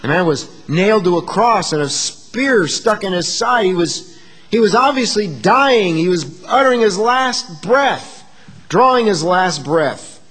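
A man preaching a sermon to his congregation, moving between hushed asides and emphatic, rising declarations. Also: high voice, expressive, measured pace, breathy edge, big-room sound. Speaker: pastor.

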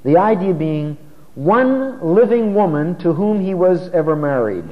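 Male preacher, slightly high voice, teaches through scripture with emphatic slow stresses; dull recording in a big echoing hall. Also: animated. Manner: emphatic, slows down to stress key words. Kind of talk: expository sermon. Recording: muffled recording with long hall reverb.

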